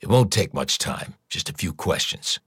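A calm, blunt federal investigator, voiced by a male narrator, deep and measured, giving hard news without fuss. The sound is dry and close to the mic. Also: slightly rough, no echo, full character voice. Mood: businesslike. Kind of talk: audiobook character voice.

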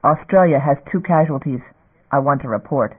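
A man's voice: fairly high pitch, moderate pace, slightly rough. Man reading a stern fleet commander. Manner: curt, demanding. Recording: phone-like narrow band.

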